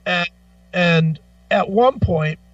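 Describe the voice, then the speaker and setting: A man co-hosting a radio talk show, telling stories with lots of profanity in a lively, animated way. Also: high voice, slow pace, no echo, recorded from a distance, highs cut off, soft background music. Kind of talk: casual chat. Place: radio studio.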